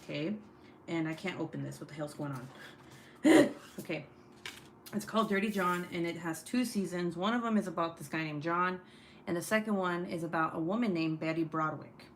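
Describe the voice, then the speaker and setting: A woman's voice: on the low side, fairly quick, a little hiss or hum. A young adult woman hosting a casual true crime livestream from home, chatty and swearing freely as she reads viewer chat aloud. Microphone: desk setup, phone or webcam.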